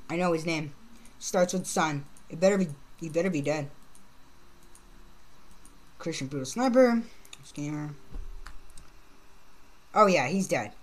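A woman's voice: low-pitched, a little slow, long pauses. A woman giving casual gameplay commentary, laid-back, laughing often and swearing casually. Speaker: gaming channel host.

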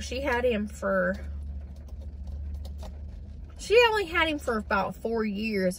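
A woman's voice: mid-range voice, a bit bright. Grieving woman in her forties. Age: 40s. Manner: grieving, rambling, addresses viewers as y'all. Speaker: vlogger. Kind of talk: casual chat.

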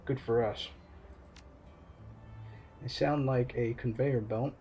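A man's voice: medium pitch, steady tone, slow, pauses often, mellow, soft background music. A man playing a video game who reads its text aloud and adds casual comments, swearing now and then at his own slips. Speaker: let's play gamer.

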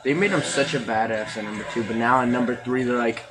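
A man's voice: medium pitch, fast talker, hardly any pauses, low-quality recording. A man giving casual, rambling gameplay commentary, joking around and laughing often as he talks.

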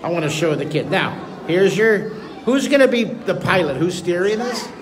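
A middle-aged man leading a live drawing lesson for a school assembly, energetic and encouraging as he talks straight to the kids. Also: high voice, moderate pace, crowd noise, noisy background. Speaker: drawing teacher.

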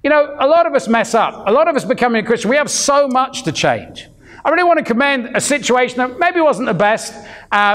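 A man's voice: high voice, a bit bright. A man in his fifties preaching a sermon, telling stories in a chatty way and acting out the voices of the people in them. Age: 50s. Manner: storytelling, acting out quoted voices; chatty, full of restarts.

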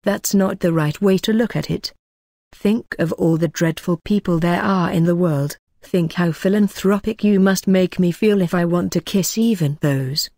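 A woman reading as a tender young gentleman in love. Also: on the low side, moderate pace, no room sound, clean studio sound. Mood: ardent.

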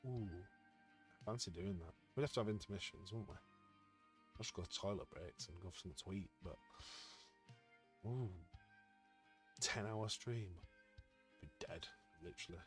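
A man live-streaming as he opens trading card packs, chatting excitedly with his viewers. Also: fairly low pitch, a little slow, pauses often, soft background music. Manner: excitable, chatty, talks to chat. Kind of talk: casual live-stream chat.

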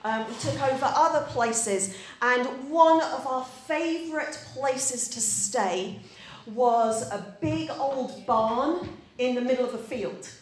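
In an echoey church room, a Yorkshire woman in her forties preaches a chatty sermon full of stories, quizzing her congregation as she goes. She's a pastor, and her high-pitched voice moves at a slow pace.

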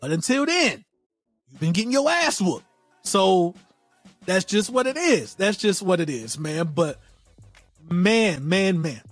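Blunt, sassy woman with a lively pitch. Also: a little slow, pauses often, no room sound, faint music behind. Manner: blunt, sassy, emphatic repetition. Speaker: podcast co-host. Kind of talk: casual podcast chat.

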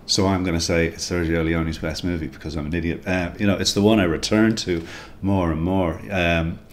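A man's voice: low-pitched, fairly even intonation, brisk, a little hiss or hum. An Irish man chatting casually as a guest about films, rambling with frequent stammered restarts. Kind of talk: casual film discussion.

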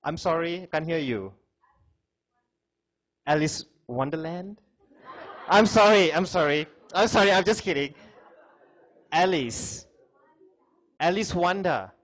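A man's voice: fairly high pitch, measured pace, long pauses, a bit bright. A man giving a classroom lecture, chatting with students, asking questions and laughing often.

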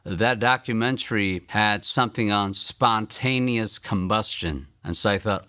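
A man in his fifties from Maryland, telling a personal testimony in earnest storytelling, often trailing off softly at phrase ends. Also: lowish voice, a little slow, hardly any pauses, clear, resonant tone. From Maryland, United States. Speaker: guest giving a testimony.

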